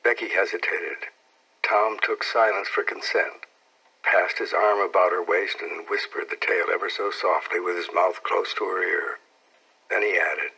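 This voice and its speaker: Husky, bright-toned older male narrator. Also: on the low side, low-quality recording. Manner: expressive, measured storytelling. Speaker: audiobook narrator. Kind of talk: scripted narration.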